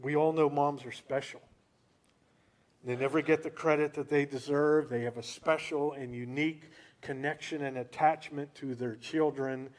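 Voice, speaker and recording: A male preacher giving a sermon, telling stories in an animated way and asking rhetorical questions. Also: fairly high pitch.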